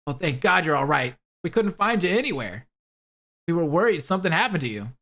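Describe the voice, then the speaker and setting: A man's voice: fairly high pitch, big pitch swings, a little fast, a bit bright, pitched above the performer's own voice, exaggerated voice. Man reading as an earnest, worried man; plain voice.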